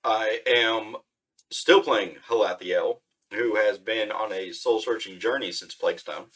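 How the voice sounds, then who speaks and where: A man introducing his character as a player, with deadpan comic delivery. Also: on the low side, measured pace, slightly rough. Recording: distant from the mic.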